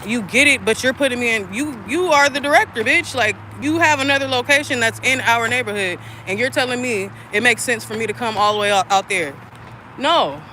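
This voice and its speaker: A woman's voice: fairly high pitch, brisk, pushed and bright, a little hiss or hum. A woman around thirty in a candid, rambling livestream chat, swearing freely and filling gaps with "like" and "um". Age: about 30. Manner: candid, profane, rambling with frequent fillers. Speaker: spiritual content creator and mother.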